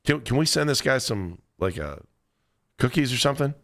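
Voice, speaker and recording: A man's voice: mid-range voice, sing-song, moderate pace, creaky, dry recording, studio quality. A male sports radio host talking casually, often restarting his sentences. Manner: conversational, stammering restarts.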